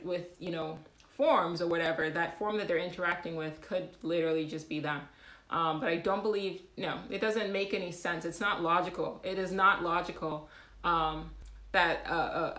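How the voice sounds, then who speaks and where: A woman hosting a casual livestream, talking in an animated way with frequent laughs, fillers and restarts. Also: fairly low pitch, echoey room. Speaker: livestream host.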